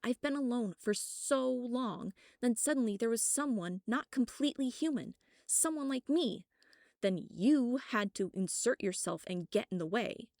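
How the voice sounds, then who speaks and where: A young shapeshifter woman in a storybook, as a woman narrator puts her on, speaking in a shaky, breathless rush. Her voice sits high and pushed, noticeably louder than the narration. A gravelly edge stays under the strain. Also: animated, measured pace, no room sound, studio quality. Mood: bitter. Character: frightened then bitter young woman shapeshifter.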